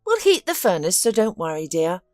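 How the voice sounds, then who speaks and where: Woman reading as a weary, steady mother. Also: lowish voice, fairly quick, no room sound, studio quality, faint music behind. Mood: soothing. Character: weary, determined mother, middle-aged woman. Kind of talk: audiobook character reading.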